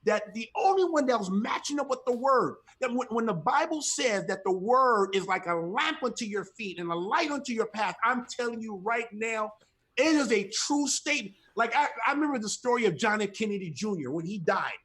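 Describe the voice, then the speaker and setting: A man's voice: sits high, lively intonation, fairly quick, a bit bright. A middle-aged man speaking from home as a guest on a ministry talk show, giving an impassioned testimony in an emphatic, repetitive, preacherly cadence.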